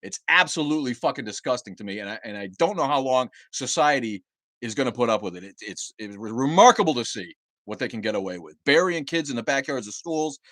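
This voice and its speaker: A man's voice: medium pitch, expressive, quick pace, fairly bright tone, no echo. Angry profane man ranting on a livestream. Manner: heated, profane, repeats and restarts words. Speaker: livestream host. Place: home livestream setup.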